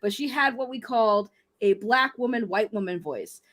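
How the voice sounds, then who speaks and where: A woman telling self-mocking stories on a film stream panel in an animated way. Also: fairly high pitch, moderate pace. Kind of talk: casual chat.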